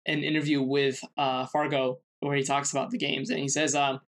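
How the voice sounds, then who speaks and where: A man of middle pitch co-hosting a casual podcast. He presents his researched segment in a halting way, leaning on fillers and restarting sentences. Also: little pitch movement, fairly bright tone. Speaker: podcast co-host.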